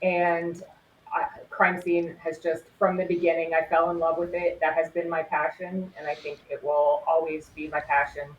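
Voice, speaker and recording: A woman's voice: deep voice, flat delivery, normal speed, muffled recording, a little hiss or hum. A woman in her forties, a former crime scene investigator, telling stories earnestly in an interview and laughing easily. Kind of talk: conversational storytelling interview. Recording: roomy echo with faint ambience.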